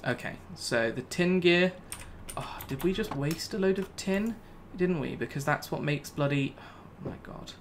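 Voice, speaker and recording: Male gamer, casual commentary, exasperated self-talk, average pitch, faint typing. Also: noisy background. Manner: self-talking, exasperated, laughs at himself. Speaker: gaming YouTuber. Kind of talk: casual Let's Play commentary.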